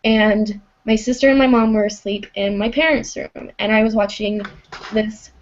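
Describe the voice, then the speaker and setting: A woman's voice: medium pitch, steady tone, moderate pace, slight background noise. A teenage girl from Kansas calls in on a lo-fi voice chat, her voice worn down by sickness. She tells a creepy story hesitantly, leaning on "um" and "like" as she goes. The line sounds dull and muffled. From Kansas, USA. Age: teens. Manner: hesitant, many "um" and "like" fillers. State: sick. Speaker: caller. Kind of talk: telling a ghost story on a voice call.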